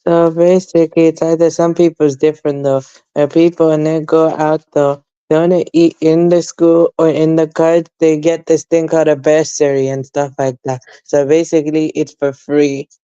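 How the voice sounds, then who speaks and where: Young London man, college age, guest in a casual chat, flat delivery, muffled and dry. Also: fairly high pitch, normal speed, clean tone, no room sound. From England. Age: young adult. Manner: rambling, repeats fillers like "basically" and "though".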